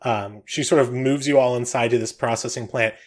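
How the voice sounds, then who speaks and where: A man's voice: mid-range voice, brisk. Guy running a tabletop game, chill narration, lots of ums. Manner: relaxed, with frequent "um"s. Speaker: game master.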